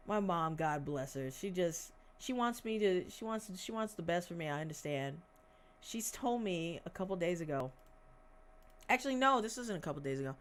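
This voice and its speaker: A woman's voice: lowish voice, expressive, normal speed. A woman in her twenties chatting on a livestream. She rambles bluntly, swears, and makes sarcastic asides while searching for things aloud. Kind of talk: casual livestream chat.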